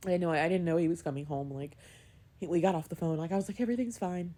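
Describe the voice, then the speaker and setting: A young woman with a low, mellow voice talks quickly in a candid vlog about being a new mom. She's emotional and close to tears, her voice wavering and at times sinking to a whisper.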